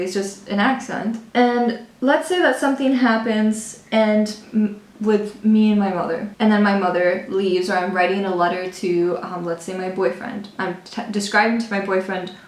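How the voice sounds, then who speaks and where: A young woman vlogging a casual book review, chatty and animated, often restarting her sentences. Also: medium pitch, normal speed. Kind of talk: casual book review while doing makeup. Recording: echoey room.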